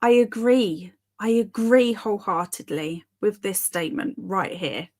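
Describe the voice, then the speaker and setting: A woman's voice: mid-range voice, a little slow, darkish tone. A woman in her thirties hosting a casual live reading stream, chatting and giggling as she reads out viewer comments.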